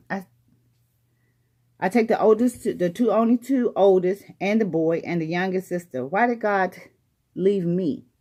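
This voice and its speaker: A retired woman who works as a grief coach, speaking earnestly and personally to the listener and repeating phrases for emphasis. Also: lowish voice. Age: older. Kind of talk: motivational talk to camera.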